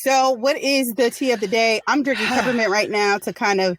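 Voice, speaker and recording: A woman's voice: fairly high pitch, fairly even intonation, brisk, no room sound. Frank joking woman podcast co-host. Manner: frank, joking about her ailments. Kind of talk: casual chat.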